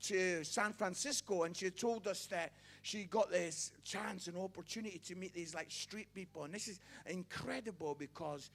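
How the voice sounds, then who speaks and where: Pastor guy, middle-aged, kinda high voice, chatty animated sermon story. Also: normal speed, creaky, few pauses. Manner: animated, chatty, checks in with the crowd.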